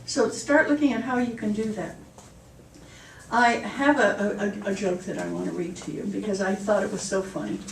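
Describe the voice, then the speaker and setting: A woman's voice: medium pitch, steady tone, normal speed, gravelly, slight background noise. A woman minister giving a sermon in a chatty, storytelling way. She laughs at her own jokes. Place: church hall. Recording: echoey hall, mic far off.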